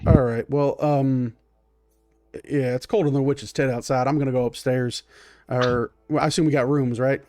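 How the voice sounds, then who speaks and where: A man voicing a gruff male traveler in a live tabletop game. The character talks in a laid-back, blunt and slightly crude way. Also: medium pitch, fairly even intonation, normal speed, mellow, dry recording, faint music behind, close to an everyday voice.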